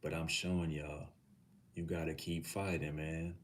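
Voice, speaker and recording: A man's voice: extremely low pitch, flat delivery, measured pace, slight background noise. A middle-aged man from Texas hosting a livestream, talking casually with his chat, swearing freely and calling viewers nephew. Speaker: livestream host.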